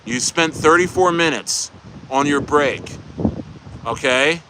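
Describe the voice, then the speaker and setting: Man playing a scolding fast-food boss, pushed up high, windy outdoor take. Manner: scolding, barking orders. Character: bossy fast-food shift manager. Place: outdoors at a beach. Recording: loud outdoor wind noise.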